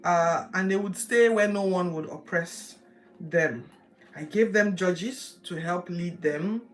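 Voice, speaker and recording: A woman voicing God as a majestic male deity, with a slow and solemn delivery. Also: on the low side.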